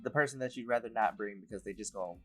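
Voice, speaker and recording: A man, a writer and director, speaking in a relaxed behind-the-scenes interview, laughing often as he talks. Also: fairly low pitch, very fast, slightly rough, soft background music. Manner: relaxed, laughs often, loose rambling sentences.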